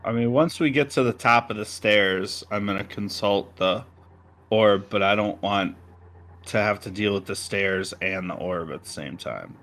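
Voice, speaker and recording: A man with a crisp, bright voice talks plainly as a tabletop player. His voice sits a little low. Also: moderate pace. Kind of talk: casual tabletop chat.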